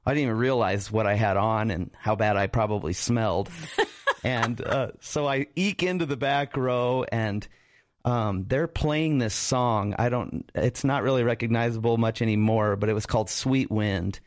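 A man's voice: mid-range voice, normal speed, dry recording. A pastor and radio co-host telling his life story in a radio interview, laughing often and acting out the voices of people in it.

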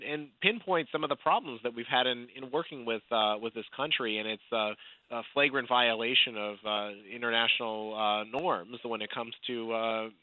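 A man giving commentary as a guest in a radio interview, speaking haltingly with many fillers. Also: medium pitch, dry recording. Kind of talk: phone-in interview. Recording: tinny phone line.

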